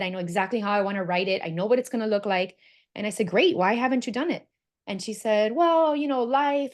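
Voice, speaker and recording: Female workshop host, animated and encouraging, a storyteller. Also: mid-range voice. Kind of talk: enthusiastic workshop talk.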